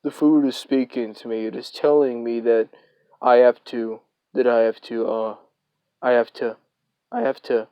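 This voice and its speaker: A man voicing a spaced-out teenage boy on a trip, repeating himself haltingly. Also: mid-range voice, fairly even intonation, clear, resonant tone, no echo, highs cut off, close to an everyday voice. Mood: dazed. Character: dazed tripping teenage boy at prom.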